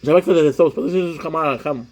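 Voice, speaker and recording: A man's voice: on the high side, rapid-fire, darkish tone. A young man with a Québécois accent, chatting casually on a livestream while eating, switching between French and English and greeting viewers.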